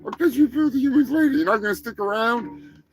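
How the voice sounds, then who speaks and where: A man voicing a loud, foul-mouthed male cyborg turkey co-host who yells and curses. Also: very high-pitched, a little fast, vocal fry, pitched above the performer's own voice. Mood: boastful. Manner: brash, cursing, yelling.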